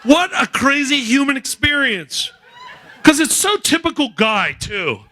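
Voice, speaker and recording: A male stand-up comedian from New Jersey, doing a profane, rapid-fire routine that acts out characters. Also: extremely high pitch, sing-song, pushed and bright.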